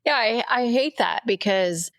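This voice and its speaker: A woman's voice: a little high, expressive, a little slow, a bit bright, no room sound. A middle-aged woman co-hosting a faith podcast, talking earnestly about grief, at times near tears. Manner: earnest, tearful at times, voice rising when moved. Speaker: podcast co-host. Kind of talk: emotional faith podcast talk. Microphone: remote recording, separate location.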